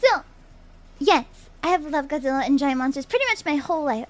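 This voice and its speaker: A woman's voice: sits high, lively intonation, a little fast, no room sound. A young adult woman streaming as a VTuber, chatting casually and playfully with her viewers, laughing often and repeating her own phrases. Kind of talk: casual live-stream chat, reading chat aloud.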